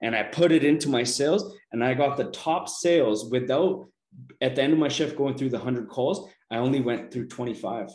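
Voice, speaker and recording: A man speaks in relaxed conversation, earnest and reflective, often checking in with a quick "right?". His voice carries a noticeable room echo, as if he is talking in an open, live space. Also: medium pitch. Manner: earnest, reflective self-help talk with frequent "right?". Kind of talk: casual chat.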